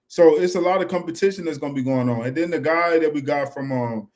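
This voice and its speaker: A man's voice: a little high, fast. A young man, chatting casually and animatedly as a fan-show co-host. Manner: animated, repeats "you know what I'm saying".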